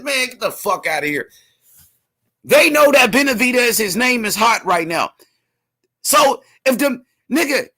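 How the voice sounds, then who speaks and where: A man with a strikingly high voice hosts a casual boxing commentary livestream. He rants heatedly and profanely, often shouting his questions, and stops to read viewer comments aloud. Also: breathy edge.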